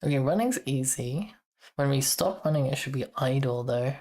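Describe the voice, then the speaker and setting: Here a warm, rumbling low female voice speaks expressively at a moderate pace. She's a streamer and software developer chatting casually while coding, musing to her viewers, losing her thread and picking it back up with the odd chuckle.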